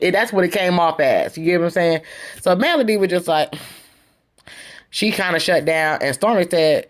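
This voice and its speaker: A woman's voice: on the low side, very animated, normal speed. A woman hosting a casual review of a reality TV episode, retelling scenes in a chatty, slangy way and acting out the quotes. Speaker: reality TV recap host.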